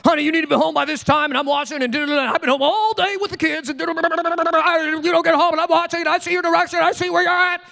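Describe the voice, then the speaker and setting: Man doing a shrill nagging wife. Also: steady tone, rapid-fire, vocal fry, hardly any pauses, pushed and bright, exaggerated voice. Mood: scolding. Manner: shrill scolding, rattling off complaints. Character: nagging demanding wife, adult woman, controlling.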